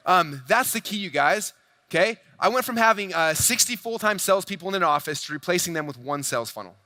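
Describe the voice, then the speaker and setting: A man giving an energetic keynote talk at a large convention, talking fast to the crowd and acting out dialogue in his stories. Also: high-pitched, no room sound. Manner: fast, hyped, addresses crowd directly, acts out quoted dialogue. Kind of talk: energetic stage presentation. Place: large convention hall stage.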